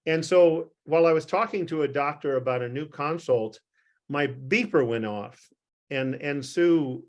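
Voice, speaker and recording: A man's voice: a little high, measured pace. An older man, a physician, telling a rambling, self-deprecating anecdote to a group on a video call, with frequent restarts and chuckles.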